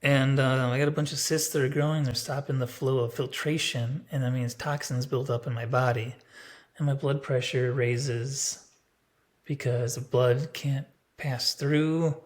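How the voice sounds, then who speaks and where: A man's voice: medium pitch, level tone, measured pace. Rambling, blunt man in his thirties. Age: 30s. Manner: rambling, blunt, heavy on filler words. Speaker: vlogger. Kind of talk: casual personal vlog.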